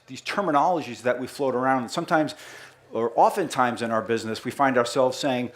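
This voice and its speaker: A middle-aged man with a Boston accent presents his company's history to a live audience. He talks in a loose, chatty storytelling way, doubling back on words and pulling the crowd in with questions. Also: mid-range voice. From Boston, USA. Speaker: company marketing head giving a presentation.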